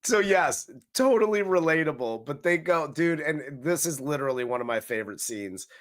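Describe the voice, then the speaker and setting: A man's voice: on the high side, normal speed. A man co-hosting a movie review podcast in casual chat, cursing freely and acting out scenes as he retells them. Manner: profane, animated retelling of scenes.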